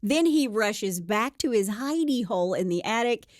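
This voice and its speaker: A woman's voice: medium pitch, expressive, normal speed, no echo, clean studio sound. A woman co-hosting a podcast, telling a true crime story casually and acting out the quotes with playful voices.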